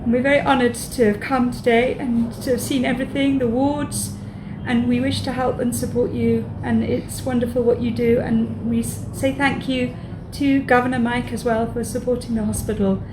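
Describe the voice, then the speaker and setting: A woman, visibly emotional, thanks hospital staff in a slightly high voice. The room is echoey, with clear noise around her. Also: level tone, moderate pace. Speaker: visitor.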